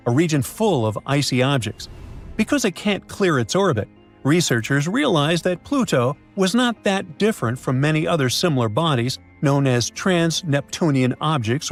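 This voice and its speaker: A man giving scripted science narration in a dramatic, playful way with jokey asides. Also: fairly high pitch. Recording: faint music behind.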